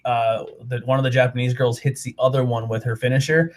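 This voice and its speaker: A man's voice: medium pitch, little pitch movement, a little fast. A man co-hosting a podcast in casual, crude banter. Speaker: podcast co-host. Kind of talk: casual chat.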